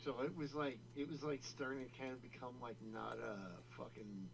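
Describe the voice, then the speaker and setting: A man's voice: medium pitch, fairly even intonation, moderate pace, vocal fry, background noise. A man in casual podcast chat, rambling with stacked fillers and restarts and casual swearing.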